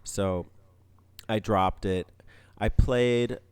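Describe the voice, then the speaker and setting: A man co-hosting a gaming podcast, talking in a relaxed, rambling way with plenty of fillers. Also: on the low side, extremely slow, slight background noise. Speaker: podcast co-host. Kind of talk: casual gaming podcast chat.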